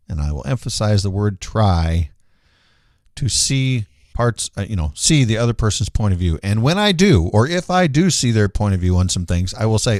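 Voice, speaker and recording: A man's voice: lowish voice, very animated, moderate pace, darkish tone, no room sound, clean studio sound. A man hosting a live talk show, rambling and self-deprecating in casual chat. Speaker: show host.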